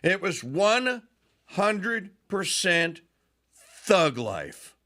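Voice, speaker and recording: A male radio host rants through a sarcastic political monologue and mocks the people he talks about. His pitch swoops all over, and his tone is bright and forceful. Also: sing-song, drawn-out words. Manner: sarcastic, mocking, mimics politicians in put-on voices. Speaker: radio talk show host.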